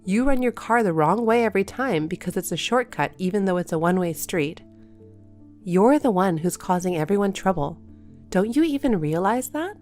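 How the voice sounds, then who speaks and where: A woman telling a first-person story in a calm, matter-of-fact way. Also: lowish voice, brisk, faint music behind. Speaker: narrator.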